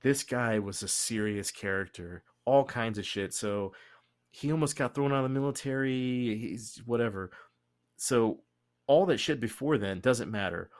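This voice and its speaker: A man with a Texan accent, hosting a podcast and telling history in a casual, profane way, laughing often and doing quick voices. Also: medium pitch, no echo, clean studio sound. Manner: profane, laughing, animated storytelling. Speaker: podcast host.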